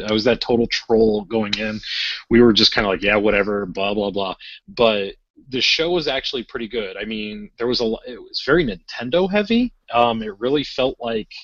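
A man's voice: mid-range voice, no echo. Rambling man on a dull podcast mic. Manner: rambling, many fillers and restarts, animated when acting out quotes. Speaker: podcast co-host. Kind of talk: casual podcast storytelling. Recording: dull lo-fi sound.

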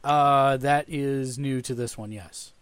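A man co-hosting a podcast in casual, excitable chat, often repeating himself. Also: medium pitch, slow, clean tone, dry recording. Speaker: podcast co-host.

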